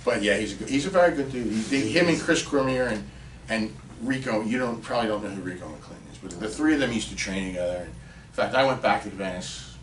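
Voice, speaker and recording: A man with a voice on the low side, talking fast, tells a story as a podcast guest in casual chat, animated and lively as he throws himself into the quotes he acts out. The recording is roomy and distant, as if he's set back from the mic, with a faint hiss behind him.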